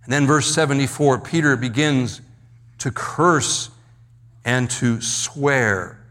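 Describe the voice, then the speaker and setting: A man preaching a verse-by-verse sermon, slowing down and dropping his voice low to stress key words, often repeating himself. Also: a bit bright. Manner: slows and drops low for emphasis, repeats words. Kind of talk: expository sermon.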